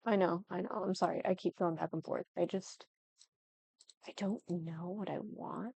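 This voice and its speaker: A woman's voice: lowish voice, fairly even intonation, normal speed, gravelly, darkish tone, dry recording. A young woman chatting casually as she builds in a life-sim game, thinking aloud and often apologizing. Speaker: Sims building YouTuber. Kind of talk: casual gameplay commentary.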